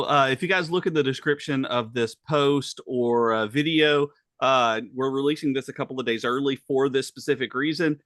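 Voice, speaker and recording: A man with a Southern US accent, co-hosting a podcast and talking in a halting way full of uhs. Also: medium pitch, a bit bright, no echo. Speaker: podcast co-host. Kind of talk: casual chat.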